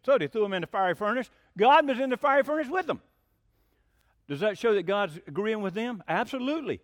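A man preaching a sermon in a folksy, plain-spoken way, firing off rhetorical questions and getting worked up to near shouting. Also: sits high, sing-song, fairly quick, dry recording, clean studio sound.

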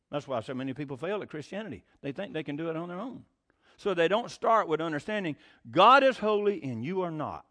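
Animated high-voiced male preacher. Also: fairly quick. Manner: animated, acts out quoted voices, laughs often; rhetorical questions to the congregation. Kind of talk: sermon.

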